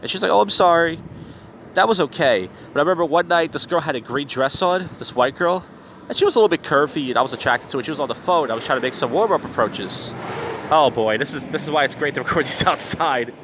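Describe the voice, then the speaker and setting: A man's voice: a little high, lively intonation, fast talker. A tipsy, slightly slurring man hosting a podcast outdoors, telling stories in a blunt, profane, bitter way. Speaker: podcast host. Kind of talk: casual storytelling monologue. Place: outdoors on a street. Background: faint street and traffic noise.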